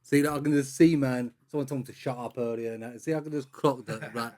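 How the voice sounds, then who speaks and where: A man's voice: medium pitch, steady tone, fast talker, a little mellow. A young man hosting a casual podcast chat, telling stories animatedly in slang and swearing freely. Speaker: podcast host.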